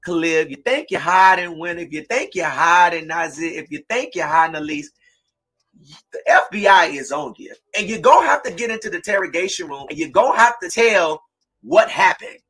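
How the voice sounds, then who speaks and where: A man hosting a true-crime podcast, giving impassioned commentary in a preachy way and breaking into shouts. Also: fairly high pitch, lively intonation, normal speed, breathy edge, low-quality recording. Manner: fiery, preachy, shouts in bursts. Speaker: podcast host.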